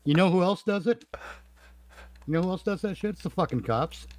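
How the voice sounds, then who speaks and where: A man's voice: high voice, animated, a little fast. A man hosting a casual podcast chat, ranting bluntly and swearing freely. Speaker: podcast host.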